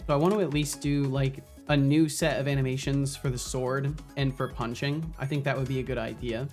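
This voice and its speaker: A man's voice: mid-range voice, steady tone, brisk, darkish tone, faint music behind. Rambling, swearing male streamer. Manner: rambling, swears often, many restarts. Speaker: streamer and solo game developer. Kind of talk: casual live-stream chat.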